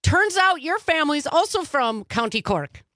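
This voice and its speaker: A woman's voice: high-pitched, sing-song, moderate pace, fairly bright tone, no room sound, studio quality. A woman hosting a radio interview, bubbly and enthusiastic. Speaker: radio host.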